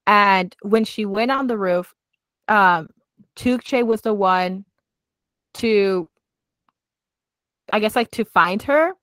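A woman's voice: medium pitch, takes it slowly, long pauses, a bit bright, dry recording. A woman co-hosting a casual podcast, talking in a loose, giggly way with plenty of "like" as she recaps episodes. Her voice sits in a middle register. The sound is dry and close, with no room around it. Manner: chatty, giggly, heavy use of "like". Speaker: podcast co-host. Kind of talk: casual chat recapping a drama series.

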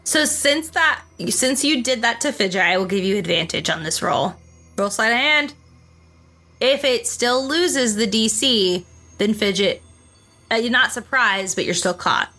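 A woman guides her players through a tabletop game, narrating scenes and reading out rules. Her voice is slightly high and brisk, and she stays practical. Faint music sits under her. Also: animated, sharp tone. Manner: brisk, explains rules plainly. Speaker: game master.

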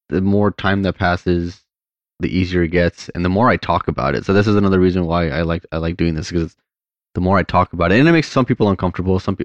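Very low-voiced chill podcast host guy, kinda dull muffled sound. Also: no room sound. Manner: laid-back, agreeing. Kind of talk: casual interview chat.

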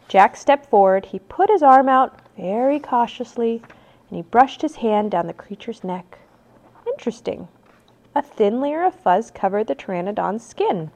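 A woman, a mother, reading a children's chapter book aloud in an expressive, animated way. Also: medium pitch, moderate pace. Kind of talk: storybook read-aloud.

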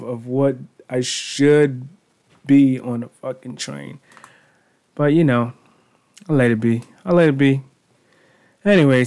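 This is a casual solo podcast monologue from its host, a man in his thirties on a studio mic who rambles, pokes fun at himself, and curses without restraint. His mid-range voice carries vocal fry and a slightly mellow quality.

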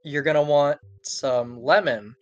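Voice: medium pitch, unhurried, muffled recording. Swearing, laughing podcast co-host. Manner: profane, rambling, laughs often. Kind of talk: casual chat.

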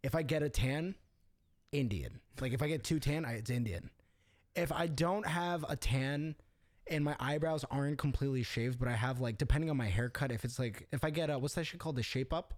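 A young man from the Middle East chats casually, spinning animated, swear-filled stories. His voice sits at a middle pitch and sounds close and dry. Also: brisk, dry recording. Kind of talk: casual chat.

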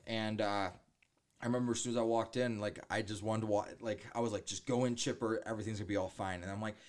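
Slightly low-voiced man telling stories. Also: fast. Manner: animated storytelling, mimics voices in quotes, swears often. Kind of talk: casual chat.

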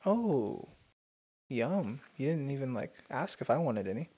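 A man's voice: medium pitch, big pitch swings, unhurried, mellow, slightly rough. A man from the United States co-hosting a casual podcast chat, teasing his friend and swearing casually. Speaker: podcast co-host.

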